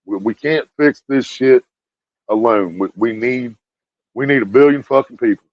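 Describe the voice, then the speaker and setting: A man's voice: mid-range voice, dry recording. A man ranting bluntly to his viewers with heavy swearing, repeating himself as he talks, on a dull lo-fi recording. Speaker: video streamer. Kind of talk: profane ranting commentary to viewers.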